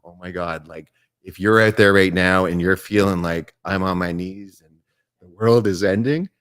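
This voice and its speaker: A man's voice: sits low, a bit bright, dry recording, studio quality. A man speaking passionately and bluntly on a panel, swearing and saying "like" often. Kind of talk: motivational panel talk.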